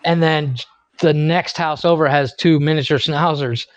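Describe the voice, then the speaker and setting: His voice on the high side and steady, a podcast co-host in his thirties speaks at normal speed. He keeps things casual, swears freely and laughs at his own anecdotes, all in a dry, muffled lo-fi recording.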